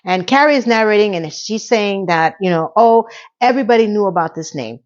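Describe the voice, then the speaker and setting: A woman's voice: mid-range voice, expressive, a little fast, muffled recording. Chatty woman recapping a TV episode. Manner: chatty, acts out characters' lines in quotes; rambling with personal asides. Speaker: TV series recap reviewer. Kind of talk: casual spoken episode recap.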